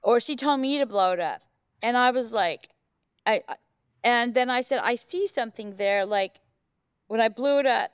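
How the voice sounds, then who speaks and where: A woman's voice: fairly high pitch, moderate pace, smooth, no echo, muffled recording. A middle-aged woman, a podcast guest, telling a story in a rambling way full of fillers and restarts. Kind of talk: casual storytelling.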